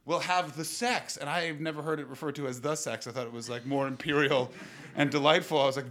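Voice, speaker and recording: A man in his thirties from Canada runs a live improvised comedy podcast in a small room. He talks in a slightly high voice, riffing profanely with the audience and breaking into sudden shouts. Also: fairly even intonation. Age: 30s. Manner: brash, profane, rapid riffing that bursts into shouting. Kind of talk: live improvised stand-up with crowd work.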